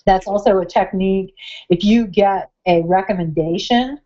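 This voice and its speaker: A woman's voice: medium pitch, moderate pace, dark tone. Chatty female writing coach co-host. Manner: chatty, laughing storyteller. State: sick. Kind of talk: casual chat. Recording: slightly muffled sound.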